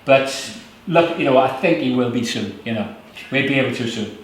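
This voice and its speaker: A man reading his own poems at a book launch, in slow measured lines with loose, rambling asides between poems. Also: medium pitch, expressive. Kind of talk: live poetry reading with chatty asides. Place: small venue at a book launch. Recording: very echoey room.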